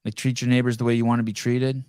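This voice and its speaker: A male podcast host rants bluntly and animatedly, swearing freely in casual commentary. His mid-range voice moves fast with a clean tone, recorded in studio quality with no room sound.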